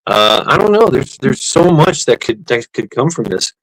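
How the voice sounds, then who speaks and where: A man with a gravelly, rough-edged voice hosts a casual live stream. He rambles through his points with plenty of fillers and false starts, stopping to thank viewers and answer their comments. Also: medium pitch, very animated, normal speed, a bit bright, low-quality recording. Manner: rambling, many fillers and restarts, reads out chat. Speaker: livestream host. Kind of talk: casual livestream chat.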